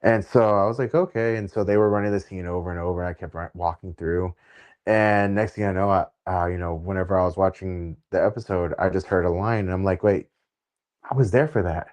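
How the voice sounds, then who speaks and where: A man hosting an interview, chatting casually and easygoingly, laughing readily with halting fillers. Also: low voice, fairly even intonation, a little mellow. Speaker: interview host.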